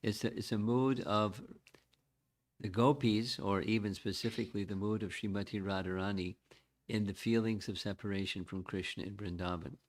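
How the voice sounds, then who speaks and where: Older male teacher, low-pitched, measured devotional lecture, reflective delivery. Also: steady tone, slight background noise. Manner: measured, reflective, chants verses slowly. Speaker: spiritual teacher.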